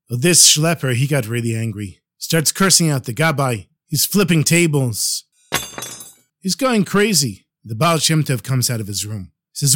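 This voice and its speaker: A man's voice: mid-range voice, expressive, normal speed, a bit bright, dry recording, clean studio sound. A man telling religious stories on a podcast, preaching a little and addressing listeners fondly. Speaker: storyteller. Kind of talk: podcast storytelling.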